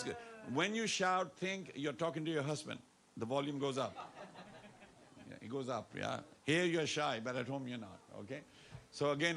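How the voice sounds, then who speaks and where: A man's voice: on the high side, fairly bright tone. A man preaching a devotional sermon to a temple congregation, playful and coaxing, dropping Hindi phrases into his talk. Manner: playful, coaxing the audience to respond and dance. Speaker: temple speaker.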